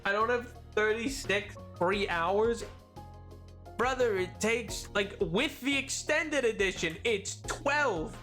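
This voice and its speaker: A man's voice: very high voice, slow pace, bright, forceful tone. Man, streamer, casual gaming chat, playful banter, mock-indignant, faint background music.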